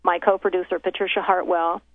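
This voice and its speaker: A woman's voice: fairly low pitch, little pitch movement, fairly quick, dry recording. A woman who makes documentaries, recounting a story in casual conversation and acting out the exchanges she quotes, with many restarts. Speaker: documentary filmmaker telling her story. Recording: tinny phone line, dry.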